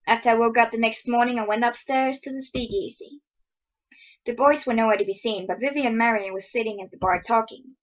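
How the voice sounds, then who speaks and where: A woman's voice: on the high side, steady tone, brisk, highs cut off, soft background music. A woman reading her own story aloud in first person, casual and stumbling over words now and then, recorded on a handheld voice recorder. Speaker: amateur story reader.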